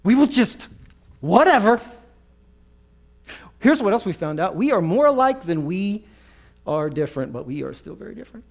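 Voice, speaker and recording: Male preacher, high voice, lively storyteller who acts out every quote. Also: normal speed, creaky, long pauses. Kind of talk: storytelling sermon.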